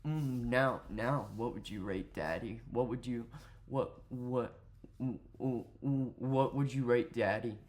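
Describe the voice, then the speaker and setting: A man's voice: medium pitch, slow, slight background noise, lightly acted. Man mocking a smarmy seductive flirt. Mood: sleazy flirting.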